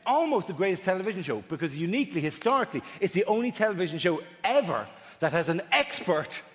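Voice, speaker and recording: High, lively stand-up comedian. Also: male voice, fast. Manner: chatty, mock-outraged, switches into silly character voices. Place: large theatre stage. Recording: echoey theatre with loud crowd noise.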